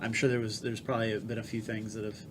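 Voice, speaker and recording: A man's voice: lowish voice, level tone, quick pace, slight background noise. A man hosting a podcast, asking hesitant, filler-laden questions. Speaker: podcast host. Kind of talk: interview questions.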